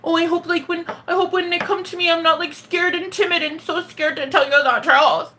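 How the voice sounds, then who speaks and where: A timid, fearful woman , put on by the coach herself frets and trips over her words. Her voice lifts a little higher and drops softer, and it sounds anxious and breathless with worry. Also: steady tone, a little fast. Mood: fretful. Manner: anxious, fretful, stammering.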